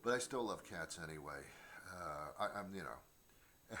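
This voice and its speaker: A man's voice: sits low, lively intonation, a little slow, bright, forceful tone, a little hiss or hum. A middle-aged man hosting a comedy show from his home studio, rambling through a stand-up monologue with stammered restarts and mock voices. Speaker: comedian host.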